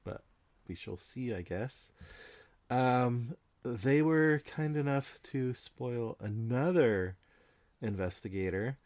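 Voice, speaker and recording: Unhurried male co-host, easygoing and hesitant, mid-range voice. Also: mid-range voice, no room sound. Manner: hesitant, with frequent ums and soft laughs. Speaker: podcast co-host. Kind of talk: casual chat about a card game.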